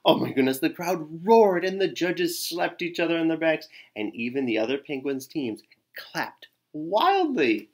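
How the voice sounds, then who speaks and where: A man reading a children's picture book aloud in an expressive way, with gasps and sighs. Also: fairly high pitch, measured pace. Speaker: storyteller.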